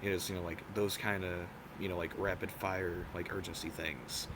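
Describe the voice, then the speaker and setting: A young man with a lowish voice answers at a debate, wandering through his points and leaning on filler words at every turn. Steady background noise and passing vehicles sit under him. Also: moderate pace. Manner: rambling, heavy on filler words. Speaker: debate candidate.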